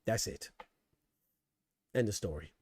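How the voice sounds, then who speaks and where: A man's voice: lowish voice, slow pace, a little mellow, slightly rough. A man hosting a casual livestream, arguing his points and answering chat, repeating phrases to press them home. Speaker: boxing talk show host.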